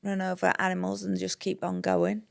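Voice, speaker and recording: A woman's voice: lowish voice, completely flat delivery, normal speed, gravelly. A woman co-hosting a podcast in casual chat, chiming in with short reactions. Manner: brief reactive interjections and laughs. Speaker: podcast co-host.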